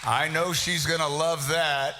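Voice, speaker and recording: A man's voice: fairly high pitch, flat delivery, a little slow, noisy background. A man emceeing a live prize raffle in a meeting hall, teasing people and calling out names to the crowd. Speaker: event emcee. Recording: long reverb of a big hall.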